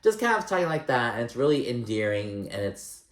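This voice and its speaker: A man's voice: medium pitch, big pitch swings, fairly quick, roomy sound. A man casually recapping reality TV in a chatty, rambling way, swearing freely and peppering his talk with "like". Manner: chatty, profane, rambling with many likes. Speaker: recap vlogger.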